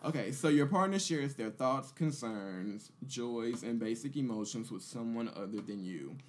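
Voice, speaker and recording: A man's voice: mid-range voice, lively intonation, normal speed, a little hiss or hum. A man hosting a casual roundtable podcast, joking with friends and reading out game questions. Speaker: podcast host. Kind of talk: casual group chat.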